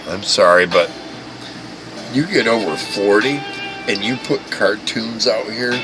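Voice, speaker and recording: A man's voice: medium pitch, wildly swooping pitch, slow, pauses often, rough recording. A man hosting a livestream, ranting and mocking in a crude, profane way, often stammering and restarting. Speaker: livestream host. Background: music playing.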